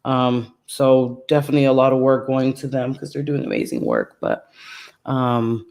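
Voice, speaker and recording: A woman podcaster speaking as a guest in a calm, serene, soothing voice, soft-spoken with many fillers. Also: extremely low pitch, moderate pace, gravelly. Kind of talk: casual interview chat.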